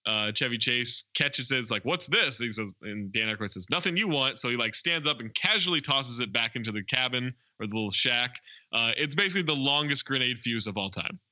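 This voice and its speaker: A podcast co-host talks through a film's plot in a loose, chatty way, full of ums and restarts. His voice is strikingly bright and forceful. The sound is dry and close, with no room around it. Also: medium pitch, fairly quick, no echo. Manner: rambling plot recap with fillers. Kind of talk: casual movie recap chat.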